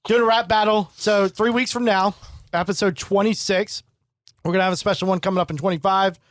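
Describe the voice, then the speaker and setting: A man in his twenties co-hosting a podcast, chatting casually and telling animated, profane stories. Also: high-pitched, brisk, no room sound, studio quality. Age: 20s. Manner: animated storyteller, swears freely. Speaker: podcast co-host. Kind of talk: casual chat.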